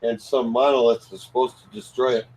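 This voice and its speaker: A man's voice: mid-range voice, level tone, brisk, a crowd in the background, low-quality recording. A man in a casual podcast chat, chiming in with offbeat trivia.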